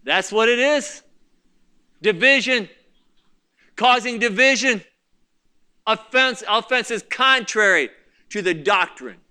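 A man preaching from the pulpit in a very high, piercingly bright voice. His tone is smooth and clear, and he swings between loud bursts and quiet asides. His delivery is impassioned. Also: expressive, slow pace, long pauses. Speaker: pastor. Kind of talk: sermon.

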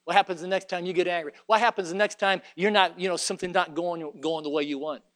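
High, bright-voiced preacher. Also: male voice, fairly even intonation, quick pace, dry recording, studio quality. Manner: folksy, joking asides building to fervent shouting. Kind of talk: sermon.

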